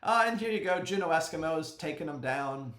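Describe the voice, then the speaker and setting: Joking podcast host, bright and a touch high, echoey room. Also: male voice, lively intonation, a little fast. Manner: chatty and joking, with sudden yells. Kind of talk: casual fantasy sports recap.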